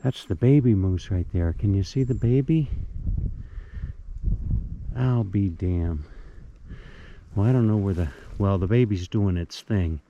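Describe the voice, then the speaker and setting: A man's voice: fairly low pitch, moderate pace, few pauses, warm tone. Older male vlogger outdoors, rambling folksy delivery, dull lo-fi camera audio with faint noise. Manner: folksy, rambling, repeats himself. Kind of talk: casual outdoor vlog. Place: outdoors by a creek.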